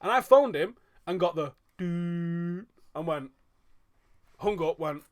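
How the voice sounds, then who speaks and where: Bloke with a high voice, butts in, teases his mate, swears a lot. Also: animated, slow. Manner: chipping in, teasing, sweary. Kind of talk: casual chat.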